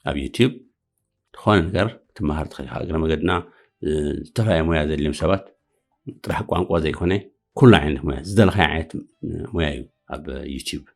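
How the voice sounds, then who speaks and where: A man teaching an English lesson for beginners. He says the English phrases slowly and loudly, then explains them fast in another language. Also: extremely low pitch, slightly rough.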